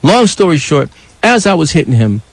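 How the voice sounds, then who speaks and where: An older man from New York telling a passionate personal story as a live radio call-in co-host, with a husky voice and wide emotional swings. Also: a little high, big pitch swings, normal speed, dry recording, poor audio. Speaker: radio talk show co-host.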